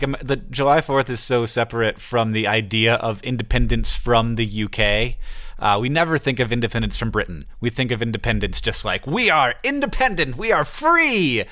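A man's voice: mid-range voice, a little fast, fairly bright tone, no echo. An American man with an American accent, chatting as a podcast co-host with dry, teasing humor. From United States. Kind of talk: casual podcast chat.

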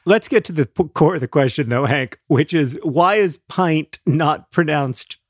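A man co-hosting a podcast, chatting casually with playful deadpan jokes. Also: fairly high pitch, measured pace, no room sound, clean studio sound. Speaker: podcast co-host. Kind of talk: casual chat.

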